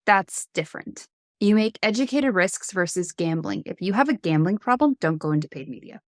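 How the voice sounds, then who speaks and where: A woman who is a guest on a podcast, telling work stories in an animated, casual way and acting out the other people's lines. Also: mid-range voice, brisk, no echo, studio quality. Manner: animated storyteller, acts out dialogue. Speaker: podcast guest, agency founder. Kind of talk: casual conversational interview.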